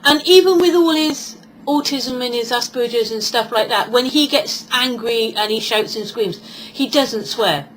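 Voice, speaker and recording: This British woman in her forties vlogs at a measured pace in a voice on the high side. She chats and digresses, slipping into impressions of the people she quotes, over a low-quality recording with a little hiss or hum.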